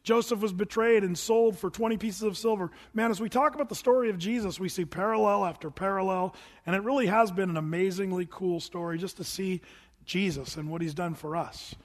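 A man preaching a sermon as pastor, animated and acting out voices with big pitch jumps. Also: a little fast, long reverb tail.

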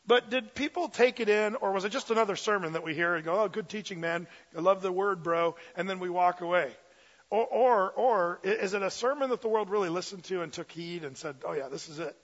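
High bright-voiced man preaching. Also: big-room sound, highs cut off. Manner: energetic and conversational, many fillers. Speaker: pastor. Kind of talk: sermon.

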